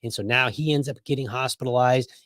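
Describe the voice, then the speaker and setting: Podcast host, male, loose and exaggerating, mid pitch, close and dry. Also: fairly even intonation, fast, fairly bright tone, no echo. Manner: conversational, hyperbolic, keeps asking "right?". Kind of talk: casual political commentary.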